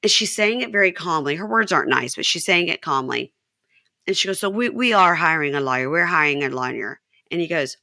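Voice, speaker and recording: Hosting a podcast, a woman chats casually about a reality show, retelling its scenes and quoting lines. Her voice is on the low side, expressive, brisk, pushed and bright, captured studio-quality with no room sound.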